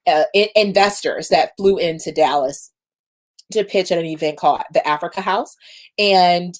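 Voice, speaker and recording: Energetic woman coaching founders on a livestream. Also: fairly low pitch. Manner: energetic, emphatic, repeats phrases for effect. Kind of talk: casual livestream talk to viewers.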